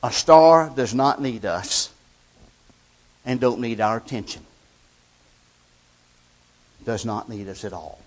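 A man preaching a sermon, slow and deliberate, swinging between loud declarations and hushed lines. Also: medium pitch, animated.

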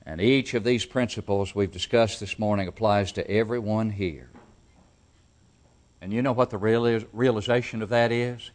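A man's voice: lowish voice, fairly even intonation, normal speed, darkish tone. A man preaching a sermon to a congregation, emphatic, repeating key phrases and asking rhetorical questions. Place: church service.

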